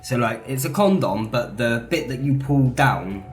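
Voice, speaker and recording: Dry-joking man, mid pitch. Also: expressive. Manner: dry, quick crude quips. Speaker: co-host. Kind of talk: casual let's-play chat. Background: faint game music.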